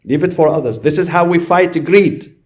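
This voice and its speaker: A man with a slightly higher-than-average voice delivers a sermon. He speaks emphatically, building his points through repeated phrases and long lists. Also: normal speed. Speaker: religious lecturer.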